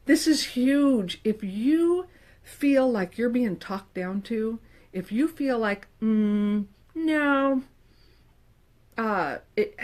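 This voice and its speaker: A middle-aged woman counselor talking casually to the camera, animated and emphatic, with playful quoted asides. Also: fairly high pitch. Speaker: licensed professional counselor. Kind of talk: casual advice talk to camera.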